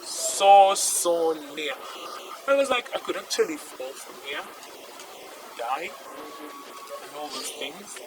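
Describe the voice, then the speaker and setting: A young woman gives a personal testimony, halting and repeating herself, often sinking to a near whisper. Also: low-pitched, animated. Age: young adult. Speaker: interviewee. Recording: noisy background hiss.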